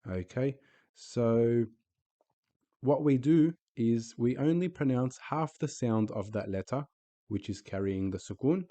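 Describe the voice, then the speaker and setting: Slow, mellow-voiced male Arabic teacher. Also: mid-range voice. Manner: slow, patient, repeats example words. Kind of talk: recorded lesson.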